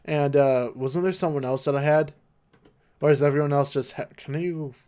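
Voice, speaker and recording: Monotone young man streaming games. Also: normal speed, a little hiss or hum. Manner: flat monotone, low-energy delivery; rambling with many fillers and restarts. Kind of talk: casual live-stream chat while gaming.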